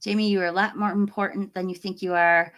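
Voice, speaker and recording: This American woman runs a relaxed livestream, talking with viewers and reading comments, friendly and peppered with fillers and small laughs. Her medium-pitched voice is fast and fairly bright, with little pitch movement.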